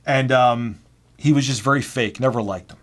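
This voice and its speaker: This is a man telling stories to a camera in a loose, casual way, blunt and ready to poke fun at himself. His voice sits in an ordinary middle pitch, and he talks in a plain, chatty manner with quick asides. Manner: blunt, self-deprecating, conversational. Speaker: vlogger. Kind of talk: casual storytelling.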